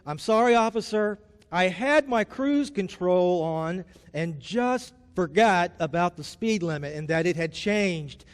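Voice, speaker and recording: A man's voice: sits high, lively intonation, measured pace, clear, resonant tone, long reverb tail. A man voicing a flustered husband who stammers out excuses in a joke within a sermon. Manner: stammering, defensive. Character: flustered middle-aged husband making excuses.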